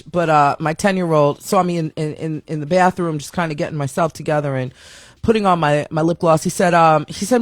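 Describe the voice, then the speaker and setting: A woman with a low-sitting voice talks fairly quickly while hosting her own talk show from a home studio, with no room sound. In this casual, chatty monologue she's candid, laughs often and makes jokes at her own expense.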